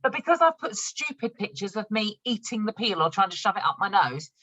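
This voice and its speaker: A woman's voice: medium pitch, sing-song, fairly quick, pushed and bright, breathy edge, dry recording, muffled recording. A woman running an online training session for new consultants. She talks in a chatty, upbeat way, laughs often and shows products as she explains them. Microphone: video call.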